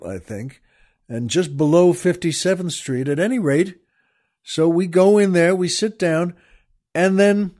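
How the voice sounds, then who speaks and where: A male radio host spins a long, digressive story, drifting off topic and circling back. He speaks straight to his listeners and often stops to restart a thought. His voice sits a bit higher than most men's. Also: a little mellow. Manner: rambling, digressive, with frequent pauses and restarts; addresses listeners directly. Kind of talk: storytelling monologue.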